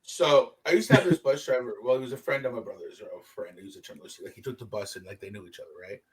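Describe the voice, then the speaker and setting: A man chatting casually and telling stories, animated and profane, acting out what people said. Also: medium pitch, quick pace, a crowd in the background. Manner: animated storyteller, swears a lot, acts out quotes loudly. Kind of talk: casual chat.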